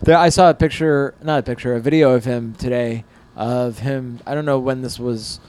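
A man co-hosting a podcast in casual, sarcastic banter, telling stories with animated delivery. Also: mid-range voice, moderate pace, a little hiss or hum. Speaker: podcast co-host.

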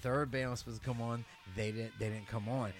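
A man, a drummer, telling a story in casual chat, animated and profane, acting out what people said. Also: mid-range voice, brisk, soft background music. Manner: animated, profane, acts out quotes.

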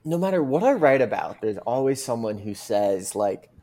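A man's voice: mid-range voice, big pitch swings, normal speed, warm tone. A man speaking as a podcast guest, making a rambling, earnest case full of fillers. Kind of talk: casual conversational argument.

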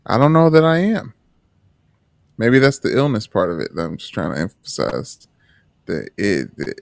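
Low-voiced man, halting casual chat. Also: wildly swooping pitch, creaky, no room sound, studio quality. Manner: earnest, halting, repeats himself and restarts. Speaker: podcast co-host.

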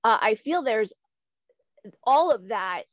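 A woman's voice: fairly high pitch, animated, takes it slowly, no echo. Candid woman guest on dull lo-fi audio. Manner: earnest, repeats words as she thinks. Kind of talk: candid conversational interview. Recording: dull lo-fi recording.

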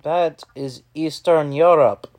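A woman's voice: low-pitched, slow, a little mellow. A woman co-hosting a casual podcast, dropping dry, laid-back remarks. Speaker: co-host.

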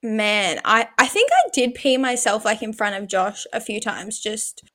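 Aussie woman in her 20s on a podcast, chatty, laughs a lot, voice sits a bit high. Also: very animated, unhurried, a bit bright. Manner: chatty storyteller, laughs often. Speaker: podcast co-host. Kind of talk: casual chat.

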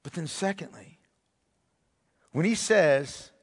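A man preaches from the pulpit with a high-pitched voice, explaining each point and checking in with the listeners as he goes. His voice carries a long reverb from a large hall. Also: animated, slow pace, slightly rough. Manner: explanatory preaching with frequent "okay?" check-ins. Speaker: pastor. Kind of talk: sermon.

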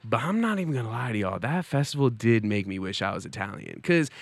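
Young male host, lively comic monologue, dry close sound. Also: medium pitch, fast, no room sound. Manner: animated, joking, swings into put-on voices. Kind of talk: comedic monologue. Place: New York City.

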